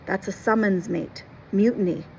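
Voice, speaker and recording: A gruff, failing old sea captain who growls his warnings low and urgent, as a woman reading a storybook puts him on. The voice sits at an everyday middle pitch. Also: normal speed, darkish tone, slight background noise, lightly acted, rough recording.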